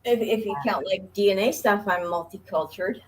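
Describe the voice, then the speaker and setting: A woman's voice: medium pitch, fairly quick, crowd noise, poor audio. A woman chatting casually on a livestream, easygoing and giggly, explaining things patiently.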